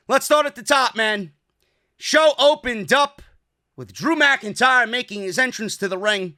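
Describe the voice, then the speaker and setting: A man's voice: extremely high pitch, lively intonation, unhurried, pushed and bright, no echo, clean studio sound. A man with a New York accent hosting a wrestling review podcast, talking in a sarcastic, profane, exasperated way. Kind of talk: casual review monologue.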